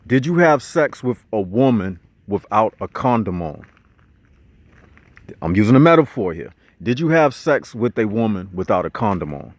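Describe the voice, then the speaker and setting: Low-voiced man preaching on a trail. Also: big pitch swings, moderate pace, no echo. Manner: preachy, repeats points, explains his own metaphors. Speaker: vlogger. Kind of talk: casual street-slang spiritual lecture. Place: outdoors on a nature trail.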